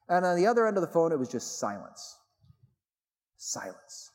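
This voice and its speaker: Middle-aged man, theologian, public talk, live audience, animated storytelling, emphatic repetition, higher voice, long hall reverb. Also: a little fast. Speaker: theologian and speaker.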